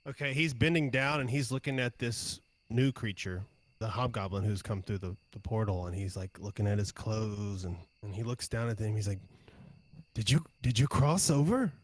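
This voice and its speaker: A man's voice: on the low side, steady tone, normal speed. A casual male game master. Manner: descriptive, casual, with restarts. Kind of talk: narrating a tabletop game.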